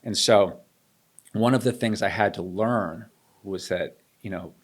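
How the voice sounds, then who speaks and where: His voice is fairly low, slightly rough, and a little slow. An interview guest in his thirties, he tells a story conversationally and brings it to life by performing the dialogue.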